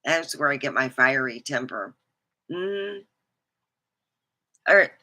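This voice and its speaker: A woman's voice: rumbling low, animated, takes it slowly, bright, forceful tone. A woman hosting her own livestream, chatting in a rambling, frank way and swearing casually. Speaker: host.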